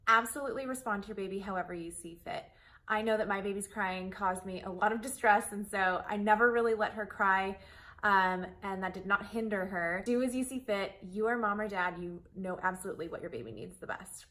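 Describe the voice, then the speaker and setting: A woman's voice: medium pitch, a bit bright. A woman hosting a parenting lesson, explaining in a friendly, reassuring way. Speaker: host.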